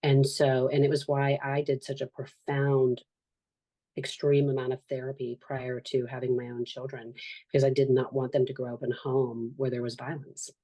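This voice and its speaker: A woman's voice: a bass voice, little pitch movement, moderate pace, mellow. A woman in her fifties, a podcast guest talking earnestly and reflectively about her life. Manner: earnest, reflective, acts out quoted voices. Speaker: guest, author and social worker. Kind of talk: candid podcast conversation.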